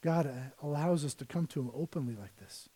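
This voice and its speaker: A middle-aged man preaching a sermon as pastor, swinging between hushed asides and loud, emphatic scripture reading. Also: fairly high pitch, lively intonation, brisk, husky.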